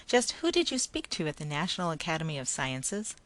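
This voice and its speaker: A woman reading a story, voicing a brusque, blustering male parade manager who talks loudly and hostilely. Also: low-pitched, big pitch swings, fairly quick. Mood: jovial. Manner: blustering, loud, hostile then jovial.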